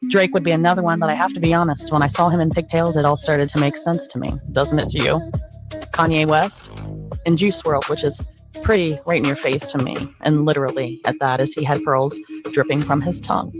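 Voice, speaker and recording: A woman with a deep voice reads a scripted voice-over briskly, with fairly even intonation. Her tone is sly and insinuating, and she drops knowing asides over a music bed.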